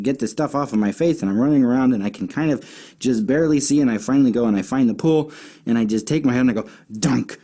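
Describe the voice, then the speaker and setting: A man's voice: medium pitch, a little mellow. A man teaching a children's Bible lesson as a casual story, chatty and full of fillers and restarts.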